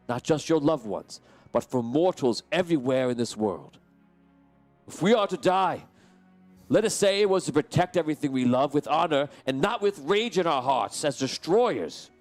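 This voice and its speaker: A man's voice: fairly high pitch, voice pushed up. Heroic knight commander, played by a man, big declamatory speeches, faint music underneath. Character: noble male knight commander rallying his troops.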